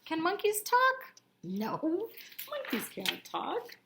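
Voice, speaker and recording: Woman, storytime reader, high lively voice, slow and expressive, talks to kids. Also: noisy background. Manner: animated, asks children questions and has them join in. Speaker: storyteller for children. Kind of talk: picture book read-aloud.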